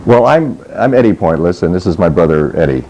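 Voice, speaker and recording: A man's voice: low voice, big pitch swings, brisk, dark tone, slight background noise, low-quality recording. A male comedian giving straight-faced, rambling answers with many hesitations in a mock interview.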